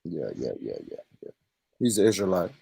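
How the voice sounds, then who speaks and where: A man's voice: deep voice, wildly swooping pitch, brisk, gravelly, warm tone, husky, dry recording. A man with an American accent chatting on a live stream panel, easygoing and teasing, laughing a lot. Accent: American English. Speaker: panel guest. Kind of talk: casual chat on a live stream.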